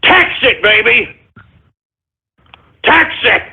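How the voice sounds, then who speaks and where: Man voicing a Texan radio blowhard, foul-mouthed, stumbling rant, raspy high voice, tinny lo-fi sound. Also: expressive, extremely slow, sharp tone, heavily acted. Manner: ranting, cursing, stumbling over words, drunk-sounding bravado. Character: blustering, foul-mouthed middle-aged male Texan radio host. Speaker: talk radio host. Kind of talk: parody talk radio rant.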